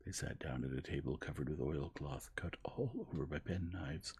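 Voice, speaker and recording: A man softly reading a novel aloud in a gentle whispered role-play. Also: very deep voice, gravelly, slightly rough. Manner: soft, slow, gentle.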